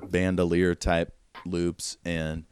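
A man narrating as game master of a tabletop role-playing game, relaxed and descriptive. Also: low voice, takes it slowly, clear, resonant tone, dry recording, studio quality.

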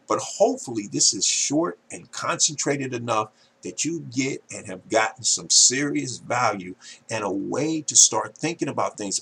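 A man hosting a marketing podcast, talking straight to listeners in an emphatic, salesy way and often addressing them as ladies and gentlemen. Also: mid-range voice, gravelly, slight background noise. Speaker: podcast host.

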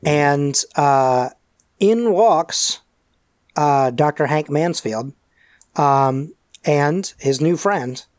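A man's voice: on the high side, animated, very slow, dry recording, clean studio sound. A man narrating a tabletop role-playing game as game master in a loose, rambling way, with many "um"s and "uh"s.

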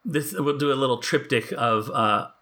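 A man's voice: mid-range voice, moderate pace, pushed and bright. A man co-hosting a casual podcast, talking in a wry, joking way and laughing often. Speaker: podcast co-host. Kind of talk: casual chat.

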